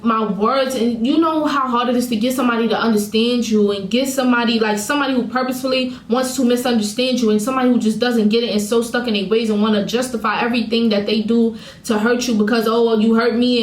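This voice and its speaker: Speaking fast and in a steady tone with few pauses, a slightly high-voiced woman vlogger tells her viewers, in her own words, about a painful breakup in an emotional storytime. The recording is rough and reverberant.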